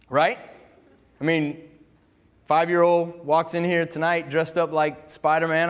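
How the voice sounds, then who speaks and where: A man with a high-pitched voice delivers a lively sermon. He jokes with the room and pushes the congregation to call words back to him, full of playful energy. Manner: animated and playful, joking with the congregation; calls for the audience to repeat words. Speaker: pastor. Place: church gathering room with listeners.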